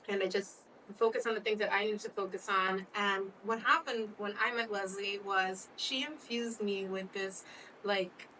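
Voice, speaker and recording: A woman's voice: mid-range voice, bright, forceful tone, distant mic, a little hiss or hum, low-quality recording. A woman co-hosting a talk show, chatting candidly and laughing often. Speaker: co-host. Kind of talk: casual chat.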